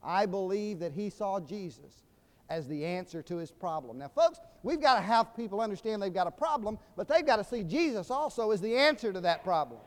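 An older Southern-accented man from Georgia, USA, preaches a sermon in a high, expressive voice, talking a little fast. His folksy stories and humor build into emphatic proclamation. A large hall's long reverb surrounds the recording.

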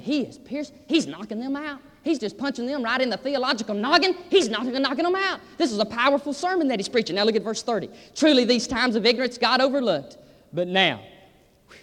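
A man delivers a sermon in a notably high voice, driving his points home with emphatic repetition. His words carry a long reverb, as if spoken in a large church hall. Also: fairly bright tone. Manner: emphatic, repeats "I'm telling you". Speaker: preacher.

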